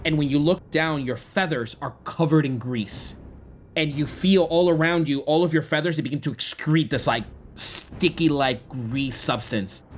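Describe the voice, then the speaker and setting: A man's voice: fairly high pitch, normal speed, slight background noise. A man narrating a tabletop game as game master, describing the scene dramatically.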